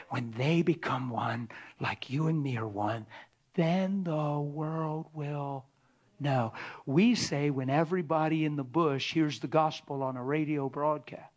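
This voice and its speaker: Middle-aged guy preaching, kinda high voice, chatty, goes quiet and whispery a lot. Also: measured pace. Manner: conversational preaching, drops to a hushed whisper for emphasis. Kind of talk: sermon.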